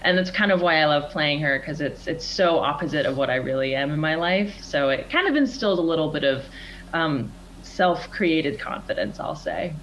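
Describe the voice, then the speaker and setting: A young woman with a low voice answers interview questions. She speaks earnestly and thoughtfully and laughs easily. A faint hum runs under the recording. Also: animated, moderate pace, highs cut off. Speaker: actress guest. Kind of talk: interview conversation.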